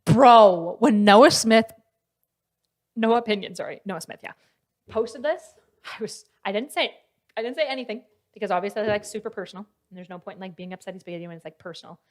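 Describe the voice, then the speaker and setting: A woman streaming, reacting to clips and arguing her case in quick, animated bursts. Her voice rises and falls a lot as she presses a point. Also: medium pitch. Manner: animated, argumentative, talks fast in bursts. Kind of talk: casual livestream commentary.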